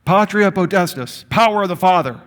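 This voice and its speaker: Animated man teaching on the Bible. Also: sits high, a little fast. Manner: animated and emphatic, with rhetorical questions. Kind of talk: lecture to an audience.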